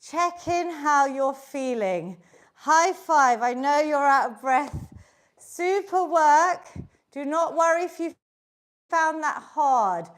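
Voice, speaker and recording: A woman's voice: sits high, animated, takes it slowly. A woman leading a live online exercise class as fitness instructor, upbeat and encouraging, counting reps aloud while she exercises along.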